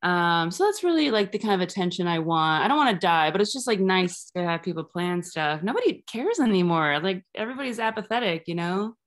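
A woman in her thirties doing a rambling, deadpan stand-up set over Zoom. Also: on the low side, a little fast, hardly any pauses. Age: 30s. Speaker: stand-up comedian.

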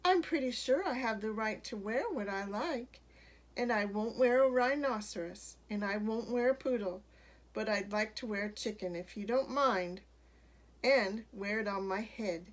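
A woman's voice: medium pitch, normal speed, lightly acted, poor audio. A woman reading aloud plays a stubborn woman who firmly defends her right to wear what she likes. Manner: firm and determined. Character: stubborn, firm woman in a chicken hat.

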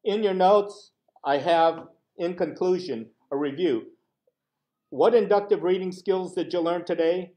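A man's voice: sits high, a little slow, dark tone. A man teaching a Bible study class as pastor, talking conversationally, asking rhetorical questions and acting out short exchanges. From United States. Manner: acts out short quoted exchanges.

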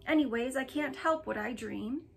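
A woman's voice: sits high, normal speed, gravelly, breathy edge, full character voice. A woman reading aloud, voicing a weary, gloomy middle-aged husband who sighs and grumbles. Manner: sighing, grumbling.

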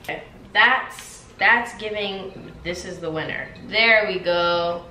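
A young woman vlogs from home with a low-sided, sharp voice, putting on a British accent as she chats in a sassy, slow, drawn-out way. The recording has roomy echo and faint room noise.

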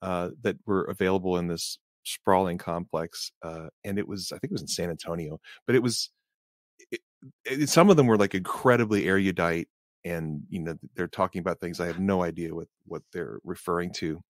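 Middle-aged male co-host, low voice, casual and hesitant, very dry close sound. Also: fairly quick, no room sound. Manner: rambling anecdotes, hesitant restarts. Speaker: podcast co-host. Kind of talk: casual chat.

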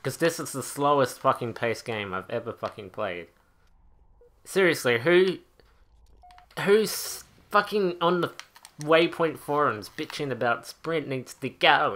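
A man as a gaming channel host, ranting over his gameplay in a bright, forceful voice. His speech is profane and exasperated, swinging between griping and outbursts. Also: mid-range voice. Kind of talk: angry gameplay rant.

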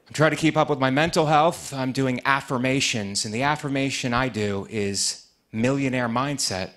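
A man doing a stand-up comedy set with deadpan punchlines in a TV studio. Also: medium pitch, moderate pace, slight background noise.

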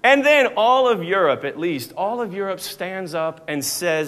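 An American man doing live stand-up comedy on a theater stage, animated and switching into mock voices and bits of Dutch. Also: high-pitched, a little slow, few pauses. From United States. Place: theater stage before a laughing audience.

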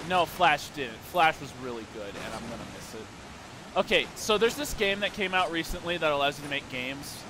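A man's voice: on the high side, lively intonation, fairly quick, sharp tone, a little hiss or hum. A young man casually commenting while playing a video game, rambling and wistful with sudden playful outbursts. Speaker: gameplay streamer.

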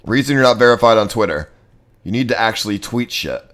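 A young man live-streaming in casual, profane chat, talking to himself excitably. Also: on the low side, brisk.

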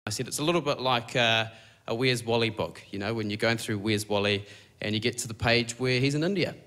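A young man with a New Zealand accent doing a stand-up comedy set, deadpan and halting, with many fillers. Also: medium pitch. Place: comedy stage before a laughing audience. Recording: clear audience noise behind.

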